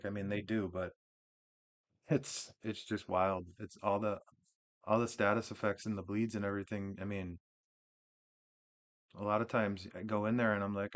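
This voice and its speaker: In a lowish voice at normal speed, a gaming channel host runs through a game build, relaxed and rambling, often restarting sentences and using fillers.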